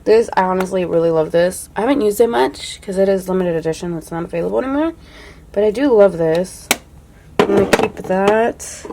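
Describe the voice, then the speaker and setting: A woman's voice: medium pitch, a little fast, noisy background. Chatty young woman beauty vlogger. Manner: chatty, full of "like", drops to a soft hush when admiring products. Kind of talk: casual makeup declutter chat.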